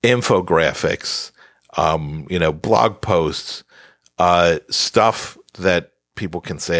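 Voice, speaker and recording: A man with a very low, deep voice explains his advice as a guest on a podcast, emphatic and teasing as he scolds. The sound is dry and close, with no room around it. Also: slow pace, fairly bright tone, no echo. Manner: emphatic, lecturing with playful scolding. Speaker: author guest.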